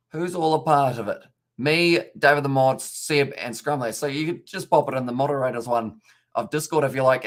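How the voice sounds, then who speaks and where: A New Zealand man with a medium-pitched voice gives casual live-stream commentary on a rugby league match. Between plays he chats with viewers and reads out the chat.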